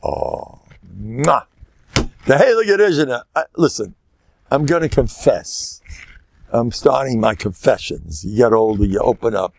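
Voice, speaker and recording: A man's voice: mid-range voice, expressive, unhurried, vocal fry, darkish tone. An older man with American English touched by Yiddish phrasing, giving a chatty, joking Torah class that mixes in Yiddish and Hebrew phrases. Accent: American English with Yiddish-inflected phrasing. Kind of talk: informal Torah lecture.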